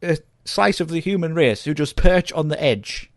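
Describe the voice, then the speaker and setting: Higher-pitched chatty man. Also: lively intonation, moderate pace, dry recording, clean studio sound. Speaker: podcast co-host. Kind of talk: casual chat.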